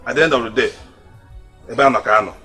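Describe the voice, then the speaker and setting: An actor with a Nigerian accent playing a boastful, coaxing husband of two wives, shouting for one and wheedling the other. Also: male voice, medium pitch, fast, soft background music, lightly acted. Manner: animated, calls out loudly, then wheedles softly.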